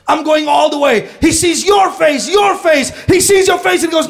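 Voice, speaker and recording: A man preaching a sermon to his congregation, swinging between shouted fervor and hushed, intense passages. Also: extremely high pitch, normal speed, vocal fry, hardly any pauses. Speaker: pastor.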